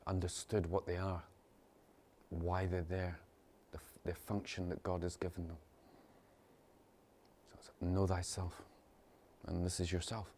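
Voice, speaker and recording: A man teaching meditation in a casual, rambling way, repeating phrases, chuckling often and mimicking people in sudden high voices. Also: darkish tone, a little hiss or hum. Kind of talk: informal spiritual talk.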